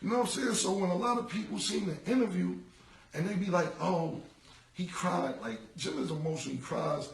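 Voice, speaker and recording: A rapper in his forties rambles through a casual livestream monologue, repeating himself in street slang. His voice sits high at a normal speed, but he's far from the phone mic, so the recording sounds roomy, low-quality, and carries slight background noise.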